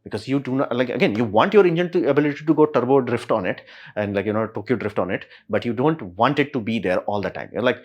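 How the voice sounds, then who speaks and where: Slangy, animated man explaining rockets. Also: medium pitch, fast talker, dull audio. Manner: slangy and animated, acting out quoted reactions. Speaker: YouTube tech explainer. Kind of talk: casual spoken explainer.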